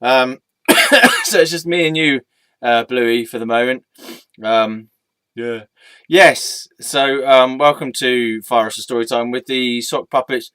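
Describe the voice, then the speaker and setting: A man hosting his own vlog, talking hesitantly with many pauses and fillers. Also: mid-range voice, pushed and bright, smooth, dry recording. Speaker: vlogger. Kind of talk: casual comedic storytelling.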